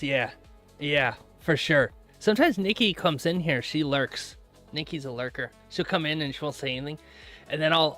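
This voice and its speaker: A young man chatting casually with his viewers while live streaming trades, rambling, laughing often and clearing his throat. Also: a little high, a bit bright. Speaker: livestreaming futures trader.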